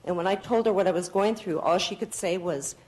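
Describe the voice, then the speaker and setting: A woman's voice: lowish voice, a little fast, darkish tone, poor audio. Tired, pleading woman testifying. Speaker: public commenter. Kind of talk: public testimony at a hearing.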